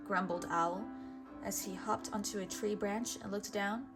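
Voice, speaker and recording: A woman hosting a channel and reading a children's storybook aloud, slow, clear and expressive. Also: mid-range voice, music in the background. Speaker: storybook reader, channel host.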